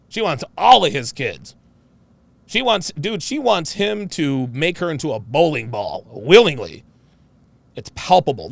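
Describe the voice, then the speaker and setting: A man's voice: a little high, unhurried, creaky, no echo. A man in his forties hosting, giving profane, mocking reaction commentary on video clips and repeating his points. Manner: mocking, animated, repeats himself.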